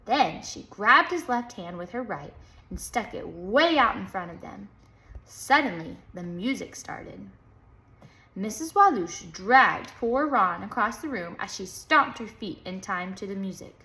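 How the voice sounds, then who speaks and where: A storybook reader reads a children's book aloud in a lively, playful way, chanting the rhythm sounds. Her voice is medium in pitch and unhurried.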